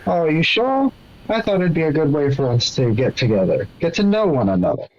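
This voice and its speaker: A man's voice: a little high, sing-song, brisk, highs cut off. A man playing a tabletop game in a playful manner. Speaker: player.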